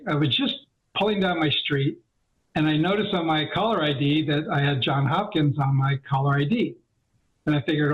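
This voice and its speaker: A middle-aged man telling the story of his cancer diagnosis in an interview, acting out his talks with the doctor in quoted dialogue with many fillers. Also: on the high side. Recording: dull lo-fi audio.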